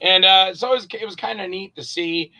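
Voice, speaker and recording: A man, an actor and director, chatting as an interview guest and telling animated stories. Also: high voice, a little fast, low-quality recording. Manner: animated storyteller, acts out quotes. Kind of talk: casual interview chat.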